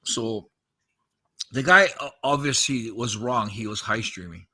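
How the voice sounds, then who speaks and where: A man in his fifties tells a tense story on a podcast, slipping into the voices of the people he quotes and cursing along the way. His voice is very bright and sharp-edged at an ordinary middle pitch. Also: a little slow. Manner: animated retelling, acting out quoted dialogue, frequent swearing. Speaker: podcast host recounting a story. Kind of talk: casual storytelling.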